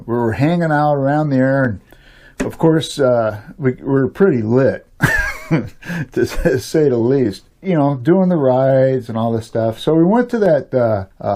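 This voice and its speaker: An older man telling a long personal story in a loose, rambling way, chuckling often and filling pauses with "you know.". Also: medium pitch, darkish tone. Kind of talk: casual spoken storytelling.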